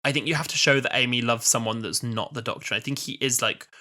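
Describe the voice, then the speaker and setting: Co-host, man, twenties, very bright tone, chatty and eager. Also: mid-range voice, fairly even intonation, fast. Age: 20s. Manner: enthusiastic, laughs often, many "like"s. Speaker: podcast co-host. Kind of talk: casual chat.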